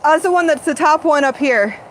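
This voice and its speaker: Woman, spiritual channeling host, rambling and dreamy, slightly high pitch, faint background noise. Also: animated, moderate pace, low-quality recording. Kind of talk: live spiritual channeling talk.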